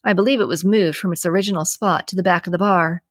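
A woman hosting a podcast, reading a suspense novel aloud in an even, measured way with slight shifts for characters. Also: fairly low pitch, slightly rough, no echo, clean studio sound. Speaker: podcast host and audiobook reader. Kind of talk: scripted audiobook narration.

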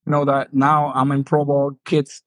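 At normal speed and with a voice on the high side, a Dominican former pro ballplayer in his fifties who has a New York accent tells stories as an interview guest. Animated throughout, he acts out quotes and laughs often. The recording is dry and the audio poor.

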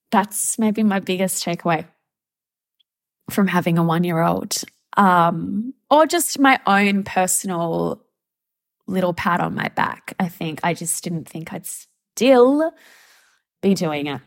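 A young woman talks on her solo podcast in a soft, halting, heartfelt way, pausing often. Her voice sits a little low and moves slowly. The sound is dry and close, with no room around it. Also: expressive, no room sound. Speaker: podcast host.

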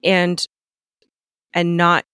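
A woman co-hosting a podcast, talking slowly and reflectively, restarting her sentences as she searches for words. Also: fairly low pitch, monotone, a bit bright, clean tone, dry recording, clean studio sound. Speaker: podcast co-host. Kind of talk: casual conversation.

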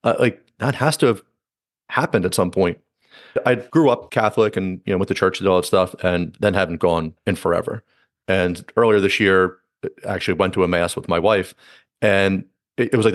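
A man's voice: fairly low pitch, no room sound, clean studio sound. A man hosting a podcast, talking in a rambling, casual way with many fillers. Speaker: podcast host. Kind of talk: casual conversation.

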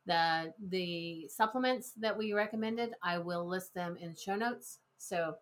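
A woman's voice: fairly low pitch, measured pace. A woman co-hosting a casual health talk in an office, eagerly adding to her partner's points. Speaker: podcast co-host.

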